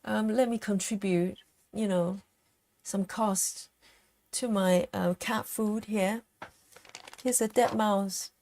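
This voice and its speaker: A woman's voice: medium pitch, steady tone, takes it slowly, vocal fry, long pauses, a little mellow. A woman voicing her proud, helpful female house cat, who talks in a chatty, coaxing way. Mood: cheeky.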